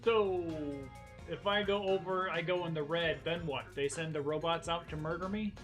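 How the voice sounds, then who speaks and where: A man's voice: on the high side, steady tone, moderate pace. Joking man streaming a game. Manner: joking, talks to himself. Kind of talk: casual gameplay commentary. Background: game music.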